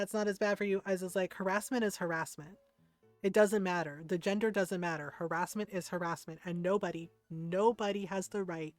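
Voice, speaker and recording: A woman's voice: mid-range voice, dry recording. Candid woman streamer, dry close sound. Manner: candid, animated storytelling with casual swearing. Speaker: game streamer. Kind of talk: casual chat with viewers while gaming.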